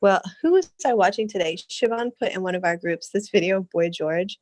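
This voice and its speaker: A woman in her thirties in casual conversation, chatty and animated, laughing often and restarting her sentences. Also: mid-range voice, brisk, dry recording. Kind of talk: casual chat.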